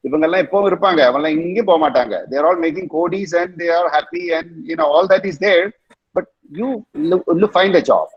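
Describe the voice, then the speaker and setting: A man's voice: high voice, very fast, breathy edge. A middle-aged man with a Tamil accent teaching English pronunciation in an online class, repeating words as drills and switching between English and Tamil. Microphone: video call. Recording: muffled video call audio.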